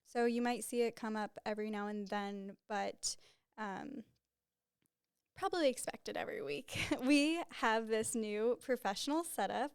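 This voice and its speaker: A woman's voice: a little high, a little slow, smooth, dry recording. A woman in her twenties hosting a casual solo podcast on a podcast microphone in a small studio, rambling and openly emotional. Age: 20s. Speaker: podcast host. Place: small studio room with a white backdrop.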